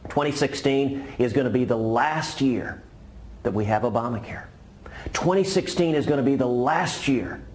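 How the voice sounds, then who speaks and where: A man, a candidate, delivers a rehearsed holiday message with a punchy, repetitive buildup and a told joke. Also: on the low side.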